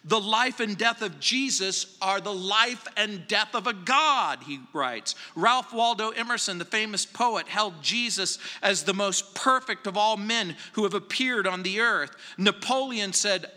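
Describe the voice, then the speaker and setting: Slow, bright-voiced man preaching. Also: high voice, big-room sound. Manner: measured, emphatic preaching with slow stressed phrases. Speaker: pastor. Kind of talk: verse-by-verse sermon. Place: church sanctuary.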